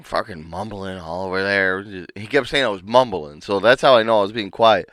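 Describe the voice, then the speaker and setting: A man's voice: on the low side, brisk, a bit bright, dry recording, clean studio sound. A young man co-hosting a casual podcast, telling a work story full of swearing and acted-out quotes. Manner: profane, storytelling, mimics others. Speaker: podcast co-host.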